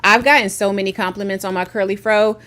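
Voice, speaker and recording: A woman's voice: medium pitch, fairly even intonation, fast talker, pushed and bright. Candid, emphatic woman on a video call. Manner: candid and emphatic, with repeated restarts. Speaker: panel guest. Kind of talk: casual panel discussion.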